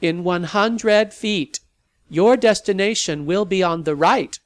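A man voicing a car navigation system, speaking slowly in an even, mechanical announcing manner. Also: high-pitched, voice pushed up. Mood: flat. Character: rasping car GPS voice.

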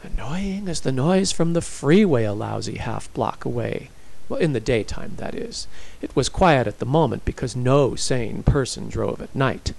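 A man narrating a story in a dramatic, expressive reading style. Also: mid-range voice, normal speed, creaky, low-quality recording.

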